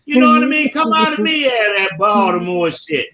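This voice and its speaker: A man hosting a live sports-talk podcast, loud and boisterous, trash-talking teams. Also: extremely high pitch, big pitch swings, normal speed, highs cut off, a loud crowd. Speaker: podcast host.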